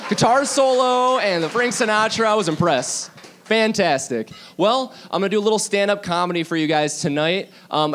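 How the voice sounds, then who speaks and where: A young man doing a rambling, self-deprecating stand-up set on a bar stage, dropping low for asides. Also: fairly bright tone, a little hiss or hum. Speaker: stand-up comedian.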